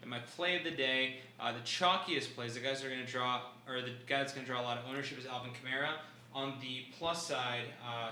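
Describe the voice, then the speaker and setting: A male podcast guest with a bright, lively voice, breaking down his picks and laughing often. The sound is roomy, with a faint hum of background noise. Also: medium pitch. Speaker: podcast guest, fantasy sports analyst. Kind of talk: casual chat.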